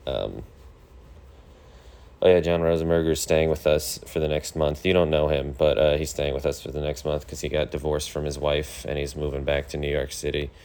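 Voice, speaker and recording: Speaking at a normal speed in an extremely low, smooth voice, this thirty-year-old podcast host rambles through a casual solo monologue. His delivery is deadpan and grumbling, packed with filler words.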